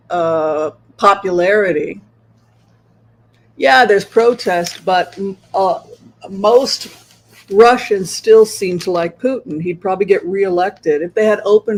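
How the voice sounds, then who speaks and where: A man giving a solo political commentary as a psychic tarot reader, talking rhetorically, keeps asking "right?" and acting out other sides' views. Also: high voice. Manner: acts out opposing viewpoints.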